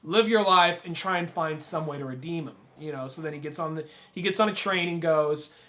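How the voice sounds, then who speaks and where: A man co-hosting a casual film podcast, retelling scenes with animated energy. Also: fairly high pitch, fairly quick. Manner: retells scenes animatedly, acting out quoted lines. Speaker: podcast co-host. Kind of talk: casual chat about films.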